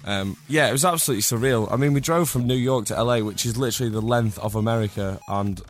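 A young man from Scotland, a singer guest, chatting in a radio interview with a slightly hoarse voice from flu, rambling and laughing often. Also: medium pitch, fast talker. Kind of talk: casual radio interview chat. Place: radio studio.

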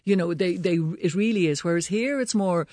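A woman's voice: fairly low pitch, a little fast, darkish tone, no echo, studio quality. A woman with a Dublin accent, a guest on a radio panel, talking in a chatty way with lots of fillers. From Dublin, Ireland. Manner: chatty, many "you know" fillers.

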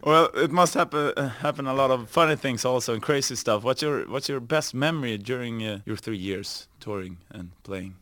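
A male interviewer asks a band about their tour, stopping and restarting his questions. His voice sits at an ordinary pitch and is recorded dry and close. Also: moderate pace, hardly any pauses, bright, forceful tone, no room sound.

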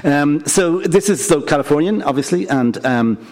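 A man with a vaguely posh Irish accent, chatting on live radio as a wine expert, self-deprecating and quick to laugh. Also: a little high, expressive, darkish tone. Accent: Irish, vaguely posh Dublin. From Ireland.

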